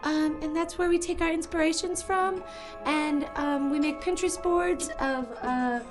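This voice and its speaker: A woman's voice: high-pitched, fairly even intonation, a little slow, over music. A woman guest in an improv comedy scene who rambles hesitantly, with plenty of ums. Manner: hesitant, rambling, filler-heavy.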